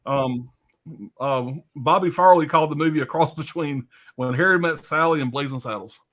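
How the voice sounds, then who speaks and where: A man's voice: fairly high pitch, normal speed, a bit bright. A man hosting a live stream, chatting casually about films in a loose, profane, rambling way full of fillers.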